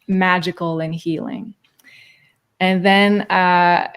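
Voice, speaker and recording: A woman hosting an astrology show, talking casually and loosely with frequent fillers. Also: mid-range voice. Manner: relaxed, searching, frequent fillers. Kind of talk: casual spiritual chat.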